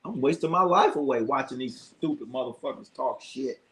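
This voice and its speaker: A man's voice: mid-range voice, moderate pace. A man hosting a casual live sports stream, ranting with lots of swearing and reading chat comments aloud. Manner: profane, animated ranting. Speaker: sports livestream host.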